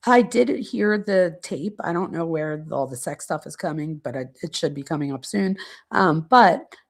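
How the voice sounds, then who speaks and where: A woman hosts a true crime channel, talking through a transcript and adding her own comments. Her voice has a gravelly edge. She speaks casually and haltingly, with plenty of fillers. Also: low voice, animated. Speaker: true crime podcast host.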